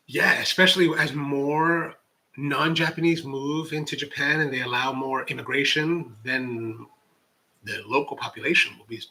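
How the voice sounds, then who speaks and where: A man hosts a relaxed livestream, reading viewer comments aloud and riffing on them. He rambles and restarts often, in a fairly high, very bright voice. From United States. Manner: rambling, many restarts, animated asides. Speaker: coffee channel host.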